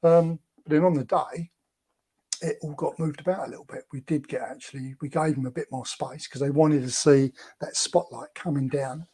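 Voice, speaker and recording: Male guest, fairly high mellow voice, rambling storyteller. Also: fairly even intonation, moderate pace, husky. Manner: chatty and rambling, with many fillers. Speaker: guest, former film extra. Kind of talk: casual anecdote telling.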